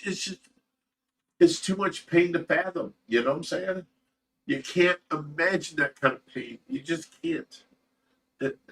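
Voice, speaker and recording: Man, livestream host, bright tense voice, emotional rambling talk, a little off-mic. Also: fairly high pitch, distant mic. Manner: emotional, rambling, repeats words, swears. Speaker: host of a fish rescue livestream. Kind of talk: casual livestream chat.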